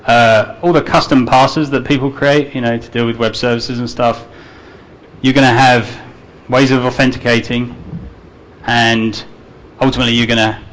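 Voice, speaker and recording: A man's voice: mid-range voice, a bit bright, low-quality recording. A man giving a conference talk to a live audience, chatty and loose with fillers and restarts, with an accent he calls his own. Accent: non-native English accent. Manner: conversational, many fillers and restarts. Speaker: conference speaker.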